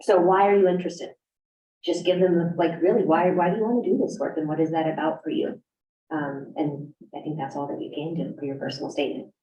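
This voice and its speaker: A woman instructor with a low, mellow voice talks plainly and down-to-earth on a panel. She is caught from across an echoing event room, and the sound is dull and distant. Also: fairly even intonation, fairly quick. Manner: frank, conversational, down-to-earth. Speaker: graduate program instructor. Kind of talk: panel talk at a career event.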